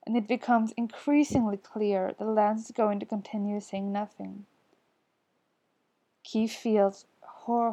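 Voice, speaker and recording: A woman narrates fiction aloud for a podfic, slow and unhurried. Her voice is mellow and soft, with an intimate storytelling feel. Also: medium pitch. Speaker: podfic reader. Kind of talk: scripted narration.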